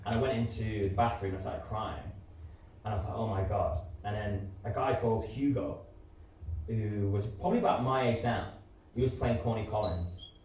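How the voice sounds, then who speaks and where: A man's voice: lowish voice, normal speed, darkish tone. A man in his thirties, a musical theatre performer interviewed live on stage, talking candidly with many fillers and restarts. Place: community centre hall before an audience. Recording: echoey hall, distant mic, faint noise.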